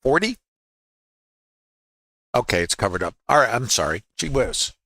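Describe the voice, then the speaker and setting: A man's voice: mid-range voice, very animated, moderate pace, bright, forceful tone, dry recording. A man with a Brooklyn accent teaching a livestream trading lesson in a folksy way, asking rhetorical questions and tossing off quips. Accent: New York, Brooklyn. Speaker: trading educator. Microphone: laptop.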